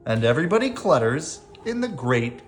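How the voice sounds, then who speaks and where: A bedtime storyteller reading a children's picture book aloud, sing-song and hushing softly on the refrains. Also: medium pitch, very animated, moderate pace, a little hiss or hum.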